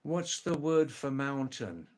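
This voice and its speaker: Man, live-stream host, mid-pitched, seated, chatty with his viewers. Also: big pitch swings, slow, a little mellow. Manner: greets viewers by name, repeats exclamations. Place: seated indoors.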